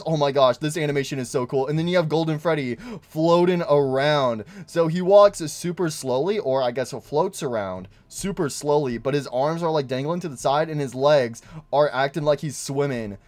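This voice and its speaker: A man narrating a game video with gushing, excitable energy. His voice sits a bit higher than most men's, and he reacts eagerly to each new detail. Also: normal speed, hardly any pauses. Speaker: gaming YouTuber. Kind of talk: gameplay commentary.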